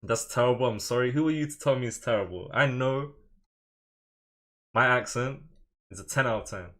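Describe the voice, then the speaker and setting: A man's voice: medium pitch, normal speed, fairly bright tone. A young man streaming chess live, joking and boasting while reading out chat messages.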